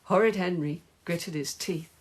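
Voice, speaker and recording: A woman reading a children's storybook aloud in slow, measured storytelling. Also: fairly low pitch. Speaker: narrator.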